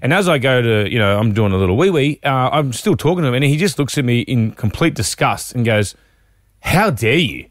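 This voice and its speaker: A man's voice: medium pitch, quick pace, few pauses, dry recording, studio quality. A young Australian man hosting a breakfast radio show, telling cheeky stories in casual sports banter. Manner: animated storyteller, cheeky. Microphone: studio microphone.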